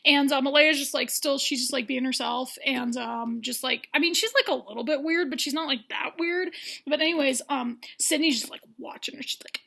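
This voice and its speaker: A woman's voice: sits high, normal speed, creaky, pushed and bright. A woman giving a rambling, sarcastic comedic recap of a dating show, with lots of fillers.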